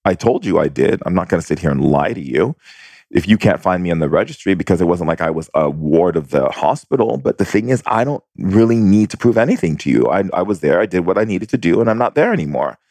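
A man, a spiritual teacher, talking in a reflective monologue with slow, deliberate, drawn-out phrasing and long run-on sentences. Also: sits low, lively intonation, darkish tone, dry recording.

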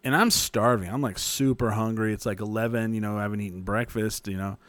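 A man's voice: on the low side, steady tone, a little fast, a bit bright, no echo. A young man from New Mexico telling a long story in casual chat, rambling, swearing and laughing often.

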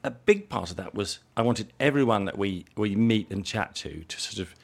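Low gravelly-voiced English man reminiscing. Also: expressive, moderate pace. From England. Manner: rambling, repeats words as he thinks aloud. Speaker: interview guest, jewellery designer. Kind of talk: relaxed conversational storytelling.

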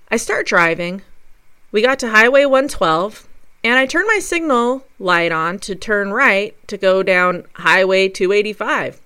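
A woman's voice: medium pitch, clear, resonant tone. A woman telling a personal story on her podcast, in a conversational way that acts out the dialogue. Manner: conversational, lively retelling with quoted dialogue.

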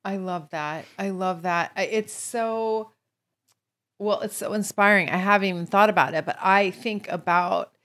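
A woman's voice: medium pitch, normal speed, fairly bright tone. A woman hosting a podcast interview, candid and self-questioning as she talks with her guest. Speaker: podcast host.

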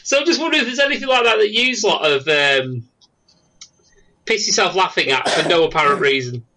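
A man's voice: high voice, animated, a little fast, background noise. A man hosting a casual podcast over a voice call, telling stories animatedly and laughing often. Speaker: podcast host. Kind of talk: casual chat. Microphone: Skype call.

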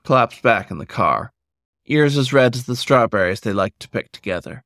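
A man reading a story aloud for a podcast in a steady, measured way. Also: medium pitch, no echo, clean studio sound. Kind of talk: scripted narration.

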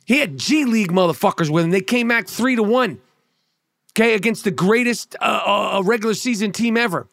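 High-voiced man in a heated, cursing rant. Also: a little fast, gravelly, fairly bright tone, no room sound, studio quality. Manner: heated, blunt and sarcastic, with repeated stammered restarts. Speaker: comedian. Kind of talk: profane sports rant.

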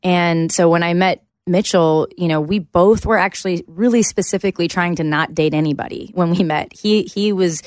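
A woman's voice: on the low side, fairly even intonation, moderate pace, few pauses, dry recording. A woman from Canada, a country singer in her thirties, talking candidly as a podcast guest with lots of fillers. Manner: candid, chatty, many fillers. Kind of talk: casual interview chat.

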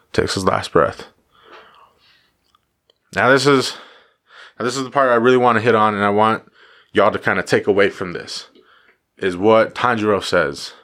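Low-voiced man giving a pep talk. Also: a bit bright. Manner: emphatic repetition, casual profanity. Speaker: motivational vlogger. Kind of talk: casual motivational talk.

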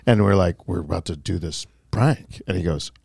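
Forties male guest, low voice, laid-back storyteller, dry close mic. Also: moderate pace, creaky, darkish tone, slightly rough, no room sound. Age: 40s. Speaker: guest comedian. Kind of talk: casual chat.

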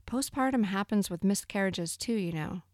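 A woman's voice: medium pitch, moderate pace, a little mellow, dry recording, clean studio sound, close to an everyday voice. A woman voicing a scornful, meddling older mother-in-law who talks bluntly and dismissively, in a storybook reading.

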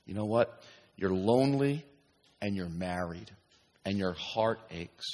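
A man preaching a sermon in an emphatic, animated way, often pausing to ask his listeners if they understand. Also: low voice. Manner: emphatic, repeatedly asking "do you understand?". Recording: long hall reverb.

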